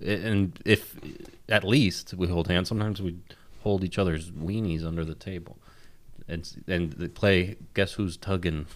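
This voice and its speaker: Low-voiced joking podcast guy. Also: fairly even intonation, a little slow. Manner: joking, rambling storyteller. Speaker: podcast co-host. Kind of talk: casual chat.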